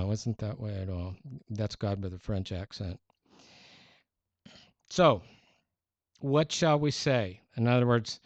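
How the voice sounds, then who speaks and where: A male pastor preaching a sermon in an animated, conversational way with playful exaggeration. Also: medium pitch, dry recording. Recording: dull, dry sound.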